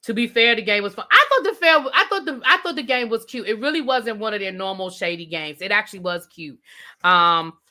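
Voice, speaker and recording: A woman's voice: medium pitch, expressive, brisk, bright, forceful tone. A woman with a DC accent hosting a live TV review rant, chatty and sassy, answering her live chat as she talks. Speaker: host.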